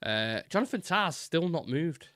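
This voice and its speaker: Bright-voiced, fast-talking host. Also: male voice, fairly high pitch, very animated, no echo, studio quality. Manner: fast-talking, rambling, many fillers. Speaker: host of a live football fan show. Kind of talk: casual live-stream chat, reading chat messages.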